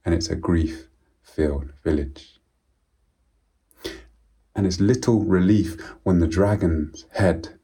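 Slow deep-voiced male storyteller. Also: dark tone, slightly rough. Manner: slow, measured and solemn with repetitions. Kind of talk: oral storytelling of a folk tale.

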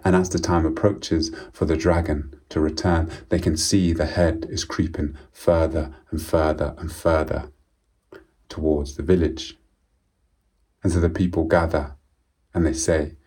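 A man telling a folk tale aloud in a measured, solemn way, often dropping to a quiet voice. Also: extremely low pitch, level tone, breathy edge. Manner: slow, measured and solemn with repetitions. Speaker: storyteller. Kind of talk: oral storytelling of a folk tale.

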